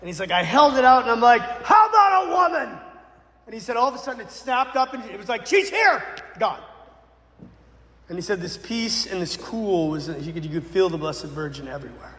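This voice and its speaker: A man, a Catholic priest, telling a dramatic story in a sermon, swinging between loud bursts and hushed lines. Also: sits high, fairly quick. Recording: echoey church with long reverb.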